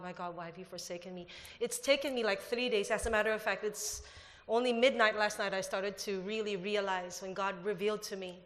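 A woman's voice: mid-range voice, fairly bright tone. A woman preacher starting a sermon, emotional and rambling, reading scripture aloud. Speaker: pastor. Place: church hall. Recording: hall reverb.

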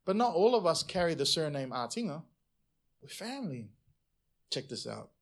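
A man pastor preaching a sermon, animated and conversational, swinging between loud bursts and quiet asides. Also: on the high side, moderate pace.

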